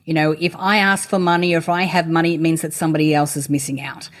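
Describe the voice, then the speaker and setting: A woman's voice: deep voice, level tone, quick pace. A woman hosting a podcast, who reflects on her own experience before asking the guest a question. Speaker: podcast host. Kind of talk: conversational interview questions.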